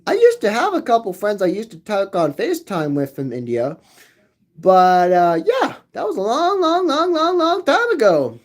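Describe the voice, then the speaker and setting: A man with a high voice and wildly swooping pitch speaks at normal speed while hosting a livestream. He rambles to his viewers, reading chat and repeating phrases again and again in a sing-song way.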